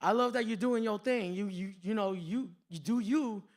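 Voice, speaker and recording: A man voicing an awkward school canteen staffer who stammers, in a stand-up bit. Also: sits high. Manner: halting, repeats words.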